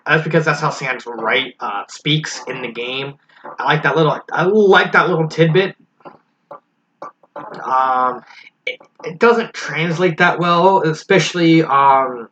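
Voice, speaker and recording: A man with a fairly high, sharply bright voice gives a frank, critical review in a casual spoken way. He talks his points through aloud as he goes. The recording is a little dull and lo-fi, with a faint hiss underneath. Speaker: fan fiction reviewer.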